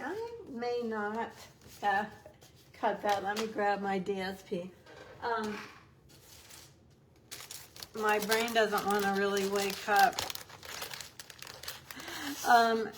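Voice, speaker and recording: A woman's voice: medium pitch, slight background noise, rough recording. A woman giving a casual, upbeat craft tutorial, chatting as she works with her hands. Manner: chatty, upbeat, talks while working with hands. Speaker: papercraft demonstrator.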